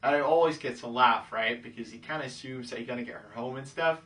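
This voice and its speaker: Speaking fast with a mid-range, slightly bright voice, this man is recorded from a distant mic. He's a dating coach offering casual advice in a breezy way, voicing pickup lines as quotes and constantly asking "okay?"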